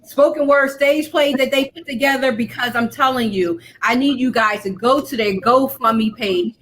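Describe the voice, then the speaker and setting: A woman hosting a casual talk show, excited and effusive as she talks. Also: high voice, normal speed, a little hiss or hum. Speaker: host. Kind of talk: casual chat.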